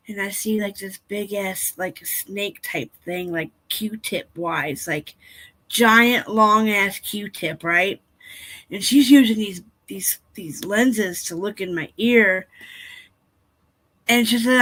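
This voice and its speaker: A woman casually telling viewers a personal story, chatty and animated, acting out what people said and laughing often. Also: mid-range voice, takes it slowly.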